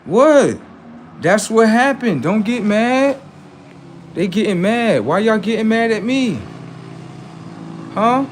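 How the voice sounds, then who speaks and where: A man hosting a livestream, ranting in a preachy, confrontational way and talking back to his chat, swinging from loud outbursts to low mutters. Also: animated, slow pace, pauses often, slight background noise. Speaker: livestream host. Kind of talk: casual livestream rant.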